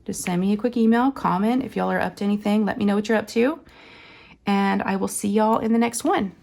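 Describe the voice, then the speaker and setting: A woman hosting a crafting channel, chatting casually while she works, her voice hoarse and scratchy from being sick, rambling along with lots of fillers. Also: medium pitch, a little fast, a little mellow. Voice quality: raspy, scratchy. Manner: rambling and chatty, full of fillers, says y'all. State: hoarse from illness. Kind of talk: casual chat while diamond painting.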